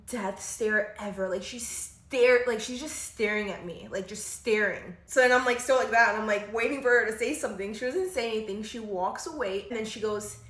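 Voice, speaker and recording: A woman's voice: on the high side, a little fast, few pauses, reverberant. A young woman telling a story from her own life in a casual, chatty way, full of "like". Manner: animated, chatty, lots of "like" and bursts of laughter.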